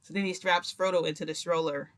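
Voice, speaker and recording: A woman's voice: lowish voice, fairly even intonation, fast talker. A woman vlogger telling a long personal story to camera in a casual, rambling way, quoting herself and others. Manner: rambling, retells with many "I'm like" quotes.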